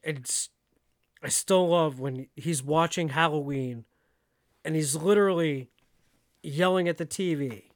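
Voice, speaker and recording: A man's voice: fairly high pitch, a little slow, pauses often, no room sound, clean studio sound. A man co-hosting a podcast in casual chat, rambling with lots of fillers as he talks it through. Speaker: podcast co-host.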